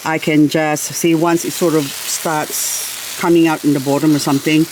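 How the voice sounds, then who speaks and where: A woman's voice: sits low, level tone, moderate pace, a little mellow, slight background noise, rough recording. A woman vlogging as she waters her garden. She chats casually and talks fondly to her plants. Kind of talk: casual chat while working.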